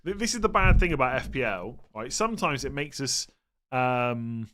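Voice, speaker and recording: A man's voice: medium pitch, very animated, moderate pace, pushed and bright. A man hosting a casual live stream, answering viewer questions in a chatty, rambling way, sounding tired and often breaking off mid-sentence. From England. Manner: chatty, rambling, self-interrupting, tired and yawning.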